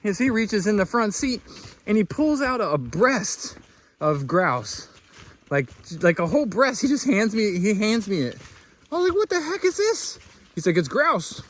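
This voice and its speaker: A man's voice: high-pitched, unhurried, a little hiss or hum. A man vlogging outdoors on a long wilderness hike, telling a story with lots of laughter and acting out the other people in it. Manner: excitable, laughs often, acts out both sides of a story. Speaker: thru-hiker vlogger. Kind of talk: casual storytelling to camera.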